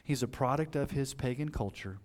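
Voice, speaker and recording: Preaching a sermon as pastor, a man talks a little fast, with his voice shooting up on emphasis and falling low and hushed for serious points.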